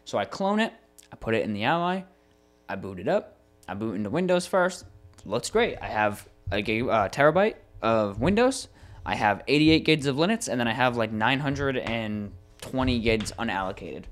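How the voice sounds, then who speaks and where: A young adult man recounting a tech disaster on a casual podcast. He talks in an animated, exasperated way and swears freely as the story builds. His voice sits at an ordinary middle pitch. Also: normal speed, faint music behind. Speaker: podcast co-host.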